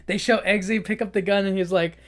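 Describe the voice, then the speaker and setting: A man's voice: high voice, fairly even intonation, a little fast, a bit bright. Rambling man casually recapping a movie. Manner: rambling, filler-heavy retelling with frequent laughs. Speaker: podcast host.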